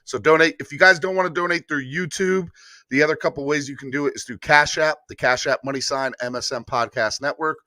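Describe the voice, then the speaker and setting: A man's voice: on the high side, brisk, sharp tone, dry recording, clean studio sound. A man hosting a live-streamed sports morning show, hyped and repeating calls to like and subscribe. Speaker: sports podcast host.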